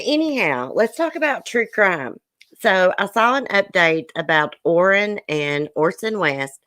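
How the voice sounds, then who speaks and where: A woman's voice: low voice, no echo. A woman hosting a casual live stream, chatting with viewers by name and getting emotional as she talks. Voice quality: emotional, soft-hearted. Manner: chatty, greets viewers by name, says y'all.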